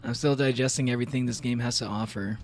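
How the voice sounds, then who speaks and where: A man's voice: mid-range voice, steady tone, fast, a little hiss or hum. A man chatting casually on a game stream, rambling with many fillers and frequent laughs. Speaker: VTuber streamer.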